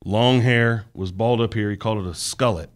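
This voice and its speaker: A man who is a podcast guest and works on college sports staff. He tells earnest, animated stories in a casual interview conversation. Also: fairly low pitch, moderate pace.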